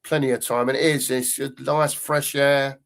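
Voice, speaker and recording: A man's voice: medium pitch, flat delivery, normal speed, gravelly. Older man, live-stream host; rambling, repetitive, chatty delivery. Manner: rambling, repeats phrases, chatty. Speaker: fan channel host reading live comments. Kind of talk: casual live-stream chat.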